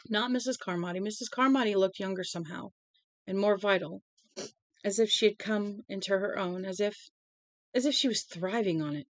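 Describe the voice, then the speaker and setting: A woman's voice: medium pitch, no echo. Woman reading a novel aloud, dry sound. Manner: plain, unhurried reading with small slips. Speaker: audiobook reader.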